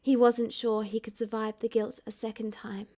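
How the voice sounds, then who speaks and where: A woman narrates a story aloud in a calm, steady read. Her voice is mellow and warm, set a little high for a woman. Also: normal speed. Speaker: fan audiobook reader. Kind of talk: audiobook narration.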